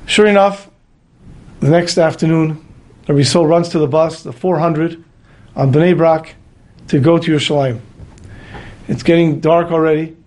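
A man telling a moral story in a storytelling sermon, animated and moving in and out of character voices. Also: on the high side, moderate pace, long pauses.

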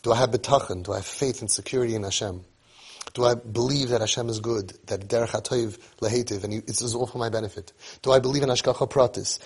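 A man delivers a sermon, his voice husky and slightly breathy. He tells stories lively, sprinkling in Yiddish and Hebrew words, at an ordinary middle pitch. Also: fast talker. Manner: storytelling with Yiddish and Hebrew words, animated asides. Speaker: rabbi giving a Torah talk.

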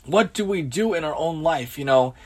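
Man, religious lecturer, earnest, rhetorical questions, Hebrew and Yiddish terms, fairly high voice. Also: lively intonation, normal speed, darkish tone. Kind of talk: Torah lecture on everyday conduct.

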